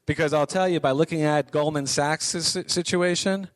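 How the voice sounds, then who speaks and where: A man's voice: a little high, steady tone, moderate pace, no room sound. A middle-aged man giving a conversational lecture to college students, repeating his points for emphasis. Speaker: guest speaker on business writing.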